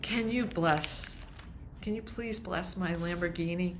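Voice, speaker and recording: A woman's voice: on the low side, measured pace, noisy background, lightly acted. A woman telling a joke as a sermon opener, voicing a sheepish man asking clergy to bless his new car, with hesitant, stammering politeness. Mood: hopeful. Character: eager man, a new sports car owner.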